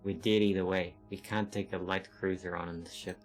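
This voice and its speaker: A man's voice: sits low, little pitch movement, brisk, soft background music, lightly acted. A man voicing a grim, resigned male crewman aboard a starship.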